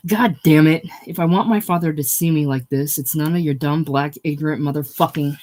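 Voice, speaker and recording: A man reading aloud voices an enraged doctor, shouting and ranting as orderlies lead him away, close to tears. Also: on the high side, steady tone, fairly quick, lightly acted. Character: furious male doctor committed to a psych ward.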